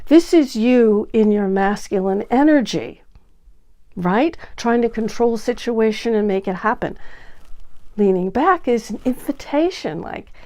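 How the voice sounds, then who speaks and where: A woman coaching on dating in an energetic talk to camera, acting out what to say with big swings in her voice. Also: fairly high pitch, a little slow.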